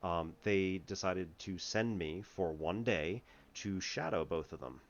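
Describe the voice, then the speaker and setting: A man's voice: low-pitched, unhurried, muffled recording. A man tutoring math in a casual, rambling way, laughing often and restarting his sentences. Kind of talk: casual lesson chat.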